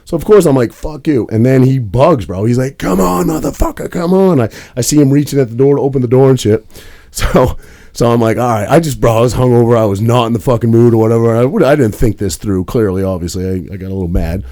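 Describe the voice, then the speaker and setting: A man's voice: medium pitch, fast talker, dark tone. A young man co-hosting a podcast, telling a rambling story in casual chat with plenty of swearing. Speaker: podcast co-host.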